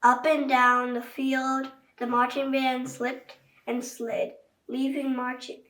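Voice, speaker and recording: A woman's voice: high-pitched, little pitch movement, takes it slowly, fairly bright tone. A woman reading a children's book aloud, chatting directly to young listeners. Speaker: children's story reader. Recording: echoey room, voice far from mic.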